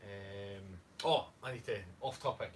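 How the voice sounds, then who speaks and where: A man's voice: on the low side, unhurried. A Scottish man co-hosting a casual chat, playful and jokey. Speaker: co-host, fitness coach. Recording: distant mic, faint room noise.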